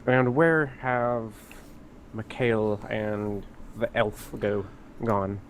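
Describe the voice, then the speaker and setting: A man's voice: lowish voice, steady tone, extremely slow, a little hiss or hum. A man playing a young dwarf runesmith apprentice in a tabletop game, speaking in a solemn, formal way. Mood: grave.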